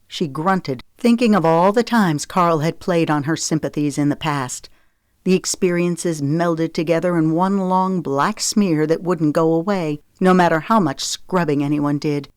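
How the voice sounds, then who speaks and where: A woman narrating a romance novel in a steady, expressive audiobook reading. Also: deep voice, measured pace, clean tone, dry recording, clean studio sound. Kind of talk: scripted narration.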